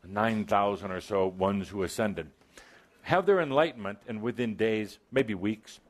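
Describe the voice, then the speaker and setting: A man channeling a spiritual teacher to a live audience, speaking with wry, playful asides and sudden emphatic bursts. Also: lowish voice. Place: event hall with live audience.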